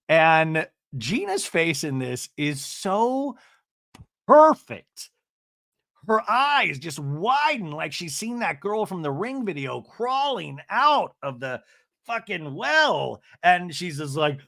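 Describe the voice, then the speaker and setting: A man's voice: on the high side, very animated, slow pace, a bit bright. A man hosting a podcast, recapping a reality TV episode in a gossipy, profane, self-mocking way. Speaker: podcast host.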